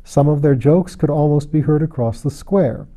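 A man reading a classic novel aloud in a measured, even audiobook narration. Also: fairly high pitch. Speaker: audiobook reader.

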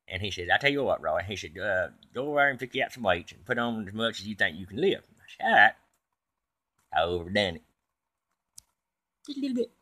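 A man's voice: mid-range voice, sharp tone. A man telling a comic tall tale in a folksy, rambling way. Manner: folksy, tall-tale telling, quotes others in his own voice. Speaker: comedic storyteller. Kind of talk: comedic monologue.

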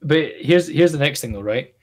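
A man's voice: on the high side, lively intonation, normal speed. A Scottish man co-hosting a podcast in casual chat, rambling with many fillers and restarts. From Scotland. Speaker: podcast co-host.

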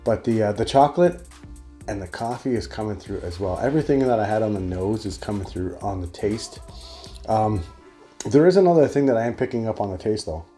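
Low, mellow man reviewing beer. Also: lively intonation, brisk, soft background music. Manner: rambling, chatty, with restarts. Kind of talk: casual solo beer review.

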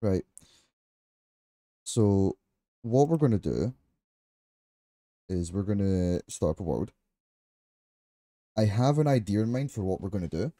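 Excitable, laughing male streamer, lively pitch. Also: unhurried, long pauses, no echo. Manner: laughs often, swears casually; excitable and chatty. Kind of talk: casual live-stream chat.

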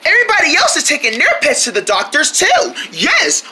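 Woman narrating a children's toy play, animated singsong, high bright voice, wide swoops. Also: fairly quick, a little hiss or hum.

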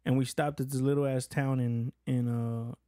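A man's voice: mid-range voice, flat delivery, moderate pace, mellow, no echo, clean studio sound. A man from California co-hosting a podcast, talking casually and telling stories with lots of restarts. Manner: loose storytelling with many restarts. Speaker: podcast co-host. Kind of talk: casual chat.

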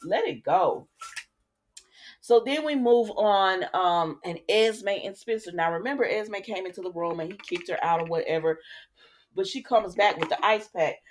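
A woman's voice: mid-range voice, moderate pace. A woman hosting a casual soap opera recap, chatty and opinionated, talking straight to her viewers. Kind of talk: casual chat recapping episodes.

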